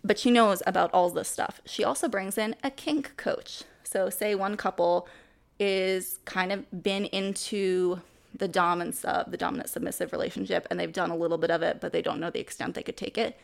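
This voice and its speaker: Gravelly-voiced woman chatting on a podcast. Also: on the low side, normal speed. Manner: animated, laughing, acts out quoted lines. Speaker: podcast co-host. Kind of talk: casual chat.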